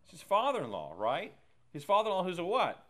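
A man leading a Bible study group in a relaxed, conversational way, often checking in with "okay?" and "right?" and putting questions to the room. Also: high-pitched, brisk. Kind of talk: casual Bible teaching.

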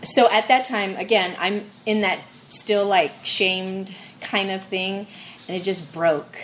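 A young woman telling an emotional personal story in a group discussion, halting and full of fillers. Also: medium pitch, steady tone, fairly bright tone, slight background noise, poor audio.

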